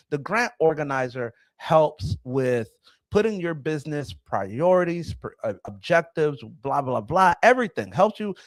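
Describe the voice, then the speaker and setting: A man in his thirties hosts a casual commentary vlog, rambling and excitable. His fairly high voice leaps around with lively swings in pitch. The recording is dry and close, with no room sound. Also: no room sound. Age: 30s. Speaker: host.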